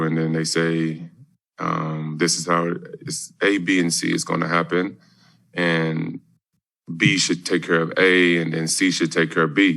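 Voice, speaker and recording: A man in his thirties answering questions at a press conference in a laid-back, halting way with many fillers. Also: sits low, gravelly, bright, forceful tone. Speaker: basketball player at press conference.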